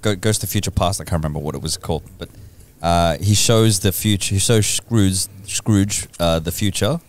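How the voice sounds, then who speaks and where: A man co-hosting a casual podcast chat, telling stories animatedly and acting out scenes in high squeaky voices. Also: moderate pace, slight background noise. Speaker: podcast co-host.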